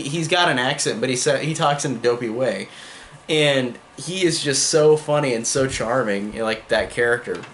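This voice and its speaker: A man's voice: mid-range voice, fairly bright tone, a little hiss or hum. A man giving an enthusiastic, rambling movie review in a casual way. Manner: enthusiastic, rambling, heavy use of "like".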